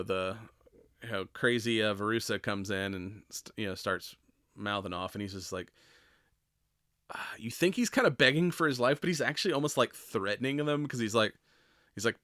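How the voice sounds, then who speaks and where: A man's voice: mid-range voice, moderate pace, sharp tone, dry recording, clean studio sound. A man hosting a podcast alone, recapping a movie in a casual, rambling way, full of fillers and offhand swearing. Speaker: podcast host.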